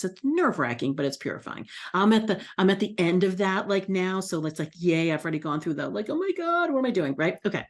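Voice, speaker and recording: A woman's voice: sits low, darkish tone. A middle-aged woman astrology coach talking casually to her audience, acting out her own self-talk.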